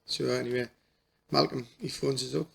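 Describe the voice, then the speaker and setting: A middle-aged man telling a personal story in a halting, emotional way, restarting his sentences often. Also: mid-range voice, steady tone, gravelly, slight background noise. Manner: halting, repeats and restarts, folksy dialect. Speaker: spiritual healer.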